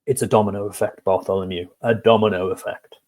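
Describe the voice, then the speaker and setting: A man voicing a pompous male pigeon messenger with a deep voice, explaining things in an insistent, lecturing way in a storybook tale. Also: steady tone, quick pace, a little mellow, close to an everyday voice.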